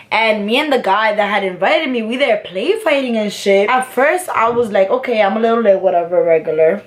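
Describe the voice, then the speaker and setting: A young woman telling a candid, profane storytime vlog while doing her makeup, full of slang and fillers. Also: medium pitch. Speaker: vlogger.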